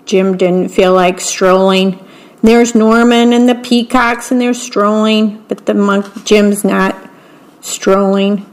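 A woman reading a picture book aloud, describing each picture in a gentle, deliberate way. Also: medium pitch, steady tone, rough recording. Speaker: storybook reader.

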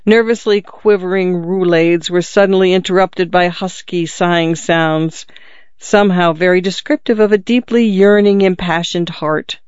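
A narrator reading a classic story in a measured, descriptive way. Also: mid-range voice, steady tone, clear, resonant tone, no room sound, muffled recording. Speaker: audiobook narrator.

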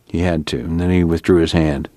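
A man reading a novel aloud for a radio reading service in a measured, plain narration. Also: low voice, steady tone, warm tone, dry recording. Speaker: radio book reader.

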